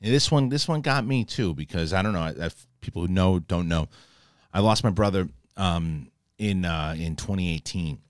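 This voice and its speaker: Male host, low voice, dry close sound; casual, profane, excitable recap of a TV episode. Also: normal speed, no room sound. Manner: profane, excitable retelling with acted-out quotes. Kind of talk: casual spoken TV episode review.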